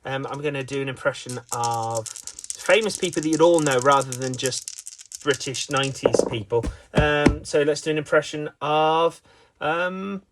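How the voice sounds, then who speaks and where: Brief: man doing an eager, hesitant impressionist figure, slightly high voice. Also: a little slow, background noise, natural voice. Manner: hesitant, showy, attempting impressions. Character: eager male impressionist dice player, showy.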